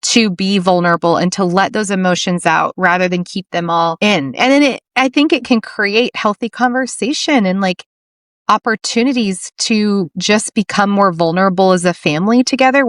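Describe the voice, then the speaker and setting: A woman's voice: medium pitch, normal speed, fairly bright tone, no room sound, clean studio sound. Earnest woman podcast host. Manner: earnest, tells stories with quoted dialogue. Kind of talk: casual interview chat.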